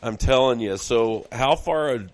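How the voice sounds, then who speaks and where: A man's voice: mid-range voice, a little slow. A man hosting a podcast, talking in a folksy, upbeat and rambling way with many fillers. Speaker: podcast host. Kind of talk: casual podcast chat with ad reads.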